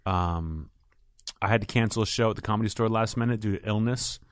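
A man's voice: on the low side, a little fast, smooth, dry recording. A man co-hosting a podcast, chatting casually and complaining in a dry, sarcastic way. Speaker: podcast co-host, comedian. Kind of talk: casual chat.

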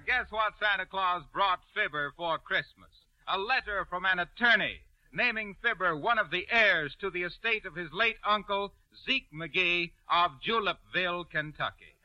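A man announcing a 1930s radio comedy with crisp, formal delivery. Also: sits high, dry recording. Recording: muffled 1930s radio broadcast, faint band music.

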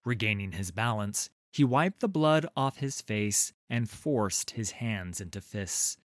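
A man reading a fantasy story aloud in a measured, deliberate way. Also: fairly low pitch, animated, no room sound, studio quality. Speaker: narrator. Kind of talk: scripted fantasy narration.

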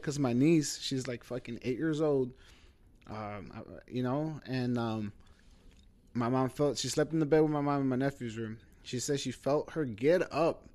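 Man swapping stories with friends, loose and profane, average pitch. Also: moderate pace, darkish tone. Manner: loose, profane, filler-heavy, says bro a lot. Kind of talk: casual storytelling chat.

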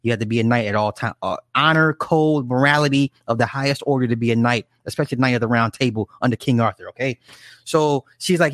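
Dude rambling thru a story, swears a lot, normal pitch, dry room. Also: male voice, quick pace, fairly bright tone, no room sound. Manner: rambling, profane, restarts and asides. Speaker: film recapper. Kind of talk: casual chat.

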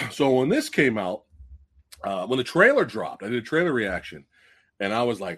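A man hosting a casual movie review livestream, excitable and profane, swinging from loud outbursts to low mutters. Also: a little fast, husky. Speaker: podcast host.

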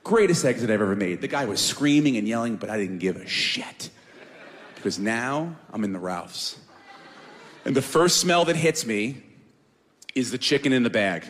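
A man telling a comic story on a podcast in an animated, profane, self-mocking way. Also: medium pitch, normal speed, long reverb tail.

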